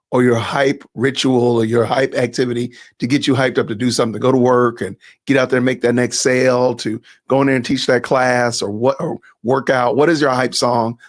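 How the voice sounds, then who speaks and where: A man hosting a podcast, giving casual commentary and asking viewers questions directly. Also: mid-range voice. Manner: talks straight to viewers and asks them questions. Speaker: podcast host.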